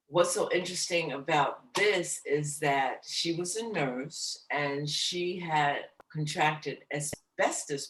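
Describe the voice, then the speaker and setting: Slow, soft-spoken woman recounting memories. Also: on the low side, echoey room, recorded from a distance, poor audio. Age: middle-aged. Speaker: guest, jazz singer. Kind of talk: personal storytelling in an interview. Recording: voice slightly off-mic, faint background noise.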